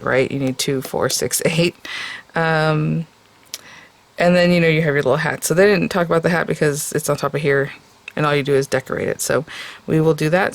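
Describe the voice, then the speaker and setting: A woman's voice: low-pitched, gravelly. A woman hosting a casual crafting tutorial, chatting and thinking aloud as she works, with plenty of fillers.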